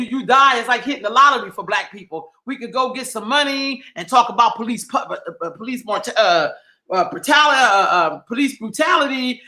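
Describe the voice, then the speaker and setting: A man's voice: extremely high pitch, sharp tone, reverberant. A man hosting a livestream, delivering an impassioned, heated monologue full of profanity and emphatic repetition. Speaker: livestream host.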